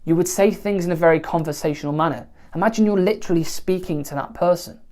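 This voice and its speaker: A woman teaching songwriting in a relaxed, conversational way, often pausing to check in with the listener. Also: on the low side. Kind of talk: spoken songwriting lesson to camera.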